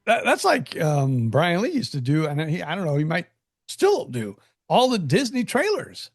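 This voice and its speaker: A man with a fairly high, gravelly voice chats as a podcast co-host, his pitch swinging up and down as he talks. He is playful and animated, with some hesitations. The recording is dry and close. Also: normal speed, no echo. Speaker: podcast co-host and radio voice performer. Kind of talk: casual chat.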